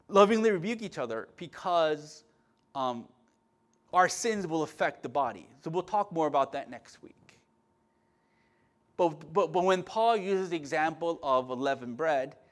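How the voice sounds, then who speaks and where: A man preaching a sermon as pastor, impassioned, swinging between loud emphatic lines and quiet asides, often restarting and repeating words. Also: a little high.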